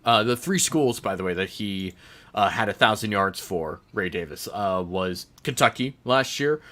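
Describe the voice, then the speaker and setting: A man with a bright, forceful voice hosts a relaxed sports podcast. He rambles through his thoughts in a chatty way and laughs easily. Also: fairly low pitch, moderate pace. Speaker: podcast host. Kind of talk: casual sports chat.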